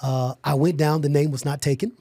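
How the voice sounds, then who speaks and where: A man with a somewhat high voice tells his own story on a podcast. He speaks with animated emphasis, restarts his sentences and laughs along the way. The recording is dry and close. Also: a little fast, dry recording. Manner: repeats words, restarts sentences. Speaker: podcast guest, security company owner. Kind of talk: personal storytelling in a conversation.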